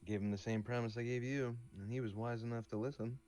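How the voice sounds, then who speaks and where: A man's voice: steady tone, quick pace, a little mellow, lightly acted. A man voicing a menacing male adventurer who taunts and threatens a prisoner. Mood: cold. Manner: taunting, threatening, raised pitch.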